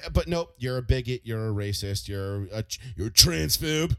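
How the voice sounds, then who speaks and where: A man co-hosting a casual podcast, talking fast and loose, swearing often and acting out other people's angry words. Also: medium pitch, creaky. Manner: animated, swears a lot, acts out angry quotes. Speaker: podcast co-host. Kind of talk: casual profane chat.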